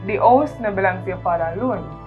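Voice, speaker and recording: A woman's voice: medium pitch, fast talker, phone-quality sound, soft background music, lightly acted. A woman playing a stern stepmother figure. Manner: stern, lecturing. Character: father's stern girlfriend.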